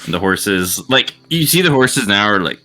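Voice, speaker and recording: A man runs a tabletop game, narrating the scene loosely and vividly with playful sound effects. His voice sits low but very bright and forward. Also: very animated, normal speed, soft background music. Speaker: game master.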